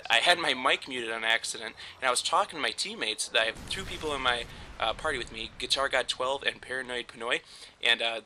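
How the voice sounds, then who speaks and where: A man's voice: medium pitch, bright, forceful tone, a little hiss or hum. A young man casually telling a story over gameplay, rambling and swearing often with frequent laughs. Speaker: gaming commentator.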